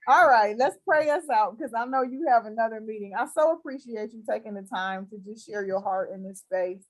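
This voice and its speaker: Woman podcast host, fairly high voice, animated and quick to laugh, earnest in prayer. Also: rough recording. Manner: lively, laughs often, earnest when praying. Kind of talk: casual chat and spoken prayer.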